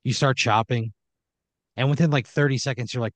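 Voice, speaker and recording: A man's voice: mid-range voice, fairly even intonation, fairly quick, fairly bright tone, dry recording. A man improvising a comedic horror story for a player, talking casually, ramblingly and with profanity. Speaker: storyteller running the game.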